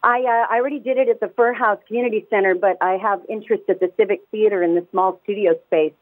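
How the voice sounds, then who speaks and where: A woman calling in to a radio talk show, speaking fast and emphatically and often restarting her words. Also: mid-range voice, fairly even intonation, no echo. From United States. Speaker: caller. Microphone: telephone. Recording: tinny phone line, dry.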